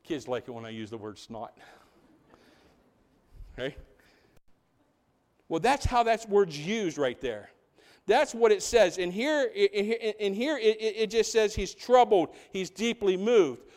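A man preaching a sermon as pastor, animated, asking the congregation rhetorical questions and dropping into quiet asides. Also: sits high, unhurried, long pauses.

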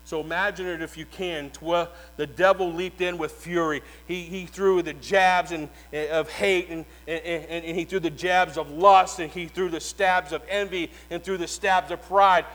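A male preacher delivering a sermon as dramatic storytelling, moving between hushed, slow passages and shouted proclamations. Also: fairly high pitch, steady tone, poor audio.

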